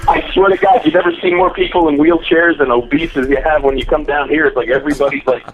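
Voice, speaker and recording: A man's voice: a little high, sing-song, fast talker, lo-fi sound. A man with a New Jersey accent, guesting on a show and telling rambling, profane stories. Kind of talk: casual chat.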